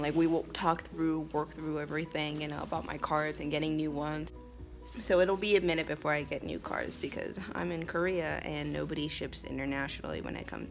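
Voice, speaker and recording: A young woman from the United States tells a story to her vlog audience in a chatty, emphatic way, laughing often. Her voice sits low for a woman. Soft music plays faintly underneath. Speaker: vlogger and English teacher abroad.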